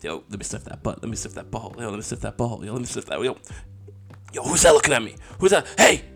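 A man's voice: fairly low pitch, very fast, vocal fry, soft background music. A man voicing a pushy male little dog that keeps demanding food and sniffing around. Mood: rowdy. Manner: rowdy, demanding, repetitive.

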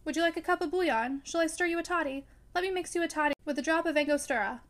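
A woman's voice: very high voice, fast talker, a bit bright. A woman reading as an impulsive young man. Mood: light. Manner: heated, emphatic questions.

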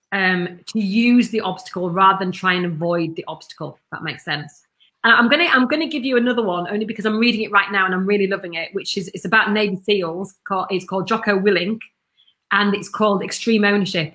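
A talkative businesswoman with a bright, forceful tone, full of blunt enthusiasm. She tells stories from her work in an easy, casual interview manner. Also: medium pitch. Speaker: marketing business owner, podcast guest.

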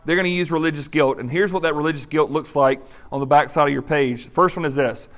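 A man's voice: fairly high pitch, quick pace, fairly bright tone. A male pastor preaching in an earnest, direct, conversational way, with fillers. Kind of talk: sermon.

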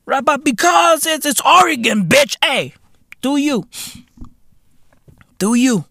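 Man with British slang, comic podcast rant host: swooping delivery, unhurried, profane. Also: very high-pitched, vocal fry, dry recording, studio quality. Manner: animated, profane, slangy, laughing between lines. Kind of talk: comedic rant monologue.

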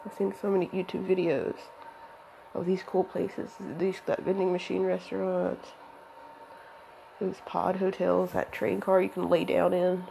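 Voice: mid-range voice, completely flat delivery, measured pace, vocal fry, warm tone, a little hiss or hum, poor audio. A young adult rambling hesitantly in a casual monologue to camera, with a voice cracking from allergies.

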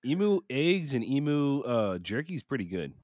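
A man's voice: mid-range voice, sing-song, normal speed, a little mellow, dry recording, clean studio sound. A man co-hosting a casual podcast, reading out accounts and joking along, often laughing and tripping over hard words. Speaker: podcast co-host.

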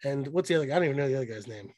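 A man co-hosting a podcast in casual chat, excited and profane, mocking what he talks about. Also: medium pitch, no room sound. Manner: excited, profane, mocking, quick bursts of mimicry. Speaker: podcast co-host.

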